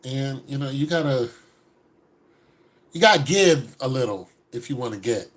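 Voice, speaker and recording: A man giving a casual, joking critique with animated, mock-preachy asides. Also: mid-range voice, moderate pace. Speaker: dating and style commentator.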